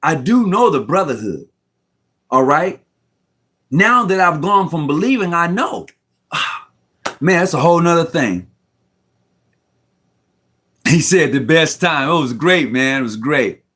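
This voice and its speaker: A man's voice: a little high, animated, slow, long pauses, a bit bright, breathy edge. A middle-aged man talking casually on a video call from home, heartfelt and rambling, repeating himself in slangy speech and close to tears. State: near tears. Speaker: Mason guest on a live stream. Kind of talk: emotional casual talk. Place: room at home.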